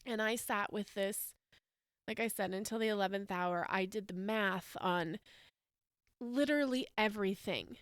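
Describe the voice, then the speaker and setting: A woman's voice: mid-range voice, normal speed, a bit bright, smooth, no echo, clean studio sound. A woman in her thirties from the United States, hosting a podcast and telling a personal story in a candid, rambling, emotional way. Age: 30s. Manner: candid, rambling, emotional, with frequent fillers and laughs. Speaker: podcast host.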